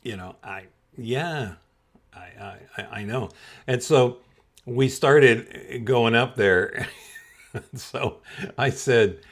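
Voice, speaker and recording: A man's voice: mid-range voice, slow, long pauses. A man hosting a podcast and telling a comedic personal story, chuckling often as he goes. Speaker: podcast host.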